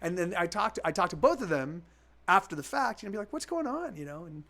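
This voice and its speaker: A man's voice: high voice, animated, fast, pushed and bright. A man in his forties, a musician chatting casually with his stream viewers, rambling with lots of restarts and swearing freely. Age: 40s. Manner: rambling, full of restarts and repeats.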